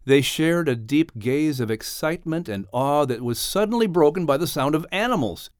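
A man reading an audiobook aloud in calm, measured scripted narration. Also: a little high, clean tone, no room sound, clean studio sound.

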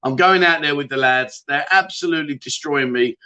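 Middle-aged male host, bright voice, matey and jokey, reads viewer comments live. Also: fairly high pitch, brisk, smooth, dull audio. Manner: chatty, jokey, matey, greets viewers by name. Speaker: livestream host. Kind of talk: casual livestream chat reading viewer comments.

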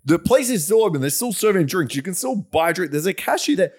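A young man co-hosting a casual podcast, telling a story in an animated, profane way. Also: high-pitched, fairly quick, breathy edge, no echo, studio quality. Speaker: podcast co-host, sex coach. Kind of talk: casual chat.

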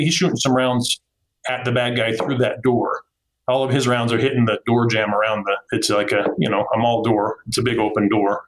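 A middle-aged police officer from Utah, telling a story vividly in a candid interview and acting out the quotes. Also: male voice, medium pitch, a bit bright, low-quality recording. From Utah, USA. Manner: vivid, acts out quotes from the scene.

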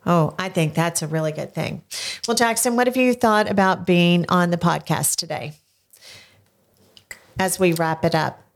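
An older woman hosting a casual podcast interview, gently coaxing answers with leading questions from a studio. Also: fairly low pitch, normal speed. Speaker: podcast host. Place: home studio.

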